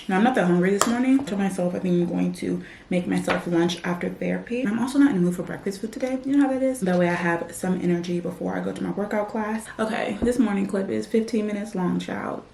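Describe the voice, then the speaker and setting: A woman in her twenties vlogging in a casual, chatty way, often breaking into animated rants. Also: mid-range voice, gravelly. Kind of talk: casual vlog chat. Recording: echoey room, faint background noise.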